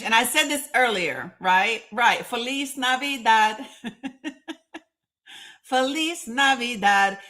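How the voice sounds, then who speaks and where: A woman's voice: fairly high pitch, bright, forceful tone. A woman with a Northeast Tennessee accent hosting a live stream, chatting emphatically and calling out commenters by name. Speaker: livestream host.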